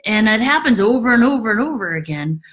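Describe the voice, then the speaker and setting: A woman realtor talks casually and explains her subject in an informal monologue. Her voice sits a little high and swings widely in pitch. She keeps breaking into short acted-out voices of worried sellers. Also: quick pace. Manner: animated, acts out quoted thoughts in a high voice.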